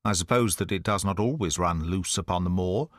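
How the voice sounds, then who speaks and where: A man reading the part of a sharp-minded male detective in an audiobook, speaking in crisp, urgent deductions. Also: deep voice, fairly quick, no room sound, studio quality, pitched below the performer's own voice, lightly acted.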